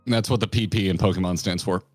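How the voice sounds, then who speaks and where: A man's voice: deep voice, steady tone, quick pace, darkish tone, no echo, soft background music. A man co-hosting a game stream, teasing his friend and laughing often in casual banter. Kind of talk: casual let's-play chat.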